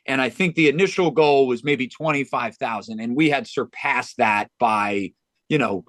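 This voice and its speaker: An earnest man in a podcast interview tells a story from the heart, stumbling into restarts and filling gaps with "you know". His voice sits at an ordinary middle pitch. The recording is close and dry. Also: normal speed, a bit bright, no room sound. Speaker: golf club director of instruction, podcast guest.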